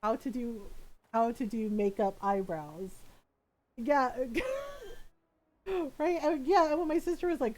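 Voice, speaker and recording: A woman's voice: a little high, unhurried, pauses often, poor audio. A woman streamer in casual chat, telling a story with frequent laughter. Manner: animated storytelling, laughs often.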